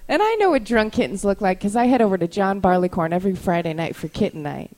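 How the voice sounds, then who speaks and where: A woman's voice: medium pitch, lively intonation, quick pace, darkish tone. A young woman doing stand-up comedy bits, a bit tipsy and laughing through her lines. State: tipsy from whiskey.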